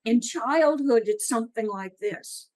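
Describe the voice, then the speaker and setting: A woman's voice: a little high, animated, unhurried, darkish tone, rough recording. A middle-aged woman giving an earnest, encouraging talk at a writing workshop. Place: meeting room.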